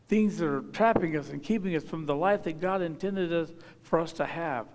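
A man preaching a sermon, reading scripture aloud and rising to emphatic, forceful calls. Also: a little high, lively intonation, moderate pace. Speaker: pastor. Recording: long hall reverb.

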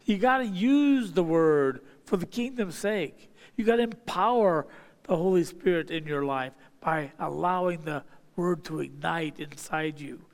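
A man preaching a sermon as pastor, emphatic, repeating key phrases for stress and swinging from loud declarations to hushed lines. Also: a little high, animated, measured pace, vocal fry, in a large hall.

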